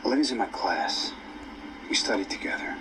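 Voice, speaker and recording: A man's voice: lowish voice, lively intonation, brisk, natural voice. An actor playing an embarrassed young man in a film scene, speaking hesitantly and defending himself. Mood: defensive. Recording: film clip from a distance, with background noise.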